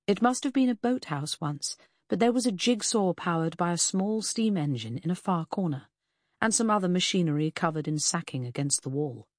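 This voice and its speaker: A woman narrating a novel in the first person, in a measured reading that slows on grim details. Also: fairly low pitch, no echo, studio quality. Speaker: audiobook narrator.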